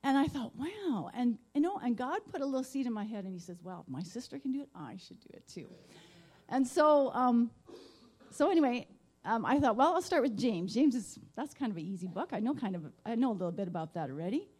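Middle-aged woman, high but mellow voice, gives a halting church testimony. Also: very animated, breathy edge. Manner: halting, emotional, many fillers. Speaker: guest speaker. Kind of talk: personal testimony. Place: church sanctuary.

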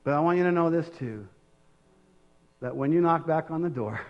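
High-voiced older male preacher. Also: lively intonation, moderate pace, dull audio. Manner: earnest, conversational, with restarts. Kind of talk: sermon.

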